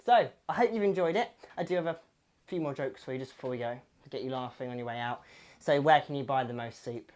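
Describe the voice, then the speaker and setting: Low-voiced woman hosting a cooking show. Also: fast talker, a little mellow. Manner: chatty, tells corny jokes. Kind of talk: casual cooking demonstration.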